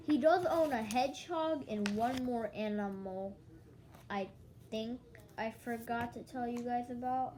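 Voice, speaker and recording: A woman's voice: on the high side, a little slow, background noise. Sleepy young woman rambling casually. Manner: rambling, restarts, quotes others in dialogue. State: yawning, sleepy. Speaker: vlogger.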